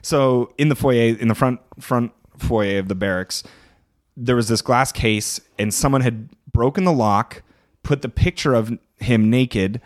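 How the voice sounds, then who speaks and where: A man with a Canadian accent, a podcast guest, telling profane, animated stories in casual conversation. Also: medium pitch, unhurried.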